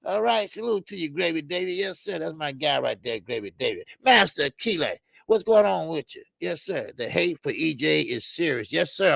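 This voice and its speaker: Gravelly-voiced man hosting a chatty live stream. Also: high voice, fairly bright tone, no room sound, studio quality. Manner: loose, slangy, greets viewers by name. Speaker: boxing channel host. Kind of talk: casual live-stream chat.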